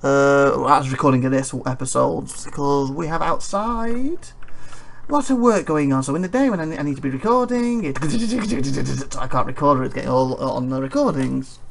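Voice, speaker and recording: This man plays a game and reads its text out loud, rambling and chuckling between passages while yawning from tiredness. He's a let's play host with a mid-range, expressive voice at normal speed, vocal fry, and a faint hiss or hum in the audio.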